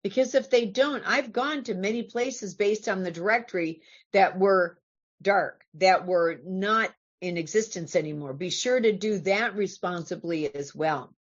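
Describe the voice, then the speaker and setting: A woman's voice: mid-range voice, unhurried, lo-fi sound. A woman from California giving an earnest, conversational talk to a recovery meeting, asking her listeners questions as she goes.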